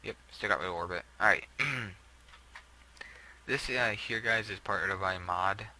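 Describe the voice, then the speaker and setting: A man's voice: low-pitched, unhurried, bright, forceful tone, a little hiss or hum, poor audio. A young man casually talking through a game build, rambling with many fillers and self-corrections. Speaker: gameplay video creator.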